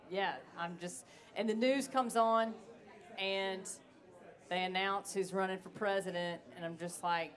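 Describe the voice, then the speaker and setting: A woman's voice: mid-range voice, fairly even intonation, a little slow. A woman singer-songwriter, talking candidly and bluntly between songs on a live stage. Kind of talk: between-song stage talk.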